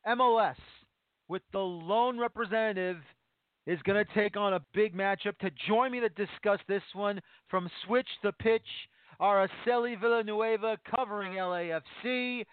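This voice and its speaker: A man's voice: high voice, moderate pace, dry recording. Man, sports radio host, emphatic, dry close sound, phone-line quality. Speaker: podcast host. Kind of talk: sports talk radio show.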